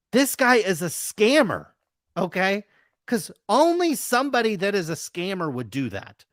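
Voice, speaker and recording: A man's voice: fairly high pitch, a bit bright, no room sound, studio quality. A man co-hosting a live show, arguing in an exasperated way with lots of "you know" and "like". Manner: exasperated, argumentative, many fillers. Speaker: podcast co-host. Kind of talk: live-stream discussion.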